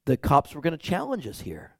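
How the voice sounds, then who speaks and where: A man voicing a calm, soft-spoken male missionary who reassures quietly. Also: a little high, a little fast, vocal fry, slightly rough, no echo, clean studio sound, full character voice.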